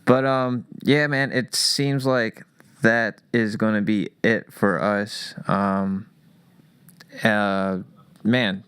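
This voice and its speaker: A man's voice: on the low side, level tone, extremely slow, fairly bright tone, clean tone, no echo. A man hosting a boxing podcast, chatting casually, rambling and cursing now and then. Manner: rambling, laughs easily, curses. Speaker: podcast host.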